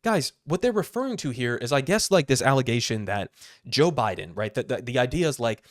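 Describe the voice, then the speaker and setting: A man's voice: medium pitch, animated, brisk, no room sound, clean studio sound. A man hosting political commentary, talking in a sarcastic, incredulous way.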